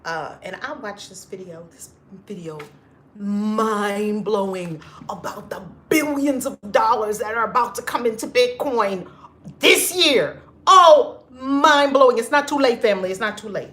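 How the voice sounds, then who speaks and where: A woman's voice: mid-range voice, normal speed. A woman hosting a live stream, chatting casually and effusively with viewers, greeting them by name and laughing often. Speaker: livestream host.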